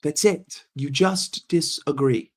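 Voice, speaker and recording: A man's voice: on the high side, slow, slightly rough. A man hosting a casual livestream while sick and congested, chatting with viewers, greeting them by name and often repeating himself. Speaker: livestream host.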